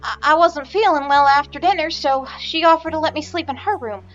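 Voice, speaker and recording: A woman's voice: sits high, a little fast, fairly bright tone, a little hiss or hum, pitched above the performer's own voice. A woman voicing a flustered young woman artisan in a noticeably raised, breathless voice, on a slightly dull mic. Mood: anxious.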